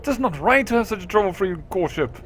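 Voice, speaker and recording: A man's voice: high voice, animated, brisk, a bit bright, a little hiss or hum, pitched above the performer's own voice. A man voicing a bored, dramatic young noblewoman from a role-playing game, using an old-fashioned put-on British English accent and archaic speech. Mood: theatrical. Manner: archaic theatrical speech, languid and drawn out.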